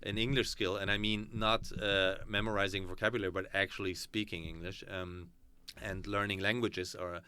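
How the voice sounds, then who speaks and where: German-accented man, bright forceful voice. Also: on the low side, moderate pace, few pauses, clean tone. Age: 40s. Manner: animated storyteller, acts out quoted dialogue. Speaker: podcast guest. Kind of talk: casual conversation.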